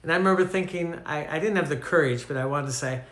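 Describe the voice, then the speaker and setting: A man's voice: fairly high pitch, fast talker, a bit bright, roomy sound. An older man from Canada preaching a teaching sermon, telling anecdotes in a conversational way and asking his listeners questions. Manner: storytelling, conversational, asks the audience questions.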